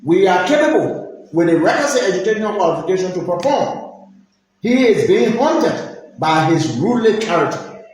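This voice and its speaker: A man's voice: high voice, big pitch swings, moderate pace, a little mellow. A middle-aged man with a Liberian accent, a university vice president giving a formal, emphatic press statement that admonishes. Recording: very echoey room with faint noise.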